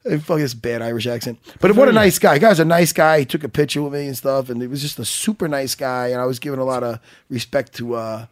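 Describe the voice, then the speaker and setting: A man co-hosting a radio talk show, telling animated stories in casual chat and swearing freely. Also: mid-range voice, fast talker. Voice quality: excitable, swearing, animated storyteller.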